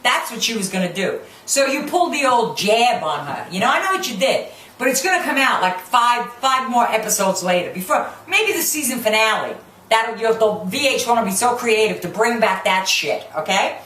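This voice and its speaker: A woman's voice: a little high, animated, moderate pace, a bit bright, far from the mic. A woman giving a brash, profane, sarcastic comedic rant reviewing a TV show. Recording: roomy, off-mic, faint background hum.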